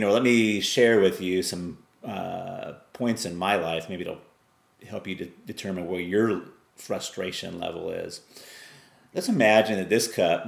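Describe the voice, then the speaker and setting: A man's voice: low-pitched, gravelly, reverberant. A middle-aged man giving a casual motivational talk to camera, folksy and rambling, now and then acting out exasperated remarks. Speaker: online business vlogger.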